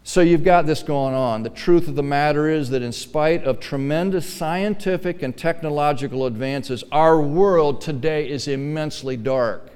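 A man pastor preaching a sermon in a church, emphatic, dropping to quiet asides and then pressing hard on key lines. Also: on the high side, moderate pace, hardly any pauses, clean tone, long reverb tail.

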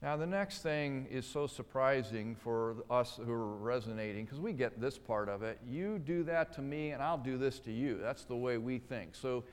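A man's voice: medium pitch, normal speed, hardly any pauses, smooth. A man preaching a sermon, stressing key words and putting rhetorical questions to his listeners. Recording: long hall reverb.

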